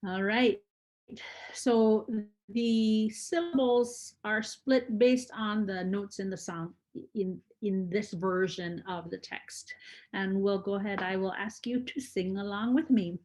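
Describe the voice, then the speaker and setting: A woman from Shishmaref, Alaska, teaching a children's song. She sings it slowly and patiently explains how her dialect pronounces the words. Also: mid-range voice, steady tone, a little mellow. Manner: patient, explains pronunciation step by step. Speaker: music and language teacher.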